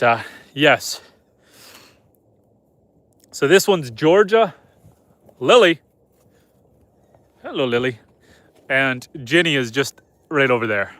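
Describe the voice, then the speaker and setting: A man's voice: a little high, bright, forceful tone, no echo. A young man casually chatting on a night-time farm livestream outdoors, talking to his animals and reading viewer comments aloud. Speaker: homesteader hosting a livestream.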